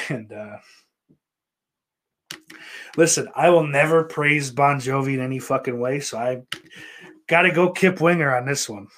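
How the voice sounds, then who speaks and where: A man's voice: medium pitch, measured pace, long pauses, fairly bright tone. A man from Western New York, a streamer chatting casually and answering viewer questions in a rambling, profane, self-interrupting way.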